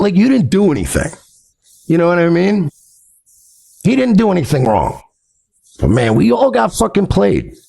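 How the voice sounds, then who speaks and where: A man with a gravelly, creaky voice vents bitterly on his livestream. His pitch swings widely as he swears through the story, sitting a little higher than most men's. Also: a little mellow. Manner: bitter, venting, swearing freely. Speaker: streamer host. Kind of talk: emotional livestream monologue.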